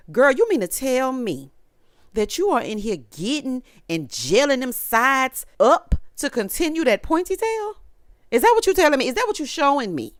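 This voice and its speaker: A woman's voice: sits high, a bit bright, no room sound, clean studio sound. A young adult woman giving a sassy, casual recap of a reality show, talking straight to her viewers. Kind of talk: casual commentary.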